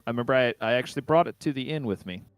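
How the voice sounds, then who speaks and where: A man's voice: mid-range voice, lively intonation, very fast, clean tone, no echo, faint music behind. A man playing a tabletop game, chatting casually and joking, heard on a close mic. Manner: joking, protesting.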